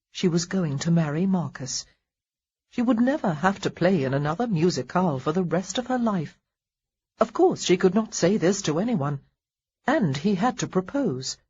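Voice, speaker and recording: A woman reads a romance audiobook in a breathy, husky voice, taking her time. Her pitch rises and falls in a lively way. The recording sounds dull and lo-fi. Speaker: audiobook narrator. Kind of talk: scripted audiobook narration.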